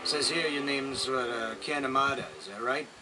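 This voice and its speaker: A man voicing a gruff adult police officer in a video game cutscene, speaking in a casual, dismissive, rough manner. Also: mid-range voice, steady tone, moderate pace, noisy background, lightly acted. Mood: offhand. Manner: casual, dismissive, rough working-class speech.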